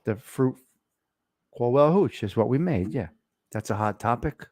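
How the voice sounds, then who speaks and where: A man's voice: mid-range voice, expressive, a little slow, darkish tone, dry recording, clean studio sound. A man hosting a casual livestream chat, chatty and asking viewers how his microphone sounds. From Italian-American, from New Jersey. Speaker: livestream host. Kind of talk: casual chat reading live comments. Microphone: close desk microphone.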